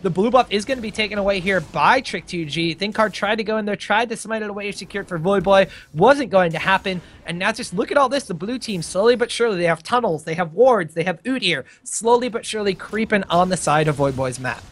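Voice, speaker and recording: A man calling live esports play-by-play, rapid and excited as the action unfolds. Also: high voice. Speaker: play-by-play caster.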